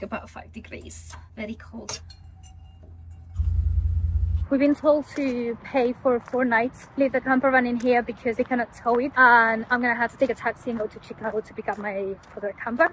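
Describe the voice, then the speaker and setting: A woman's voice: a little high, a little hiss or hum. A woman travel vlogger chatting to the camera as she shows off a campervan and talks about her trip. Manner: chatty and emotional, talks straight to viewers. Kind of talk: casual vlog to camera. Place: inside a campervan and around a campsite.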